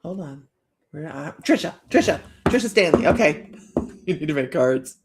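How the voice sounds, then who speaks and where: A woman's voice: low-pitched, expressive, normal speed, background noise. A woman hosting a live psychic reading stream, chatting casually and joking, laughing often between lines. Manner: chatty, with frequent restarts.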